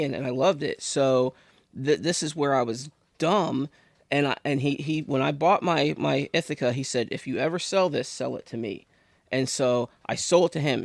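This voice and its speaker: Podcast guest, male, from Pennsylvania, gravelly, chatty storyteller, dry sound. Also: mid-range voice, no room sound. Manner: rambling, animated storyteller with many restarts. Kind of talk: casual storytelling.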